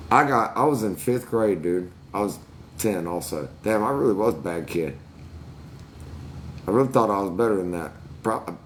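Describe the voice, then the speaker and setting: Low-voiced man telling crude stories. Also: a little hiss or hum. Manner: crude, swearing, laughs at his own stories. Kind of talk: casual storytelling chat.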